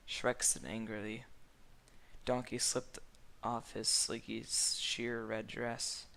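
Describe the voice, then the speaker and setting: A man reads comic fan fiction aloud in a deadpan manner, stumbling now and then. He speaks at an unhurried, slow pace, in a middle-pitched voice. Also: vocal fry. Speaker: narrator.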